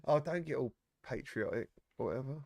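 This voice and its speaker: Lively British podcast host. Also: male voice, on the high side, measured pace, crowd noise. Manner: laughing, teasing banter. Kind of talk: casual chat.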